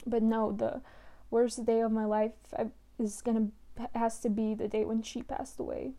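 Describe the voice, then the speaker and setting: A young woman talking in a personal monologue, emotional and halting, close to tears at times. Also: fairly high pitch, little pitch movement, mellow.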